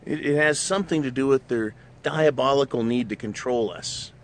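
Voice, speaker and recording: A man's voice: mid-range voice, normal speed. Blunt, swearing man ranting. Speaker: show host. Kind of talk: opinionated monologue.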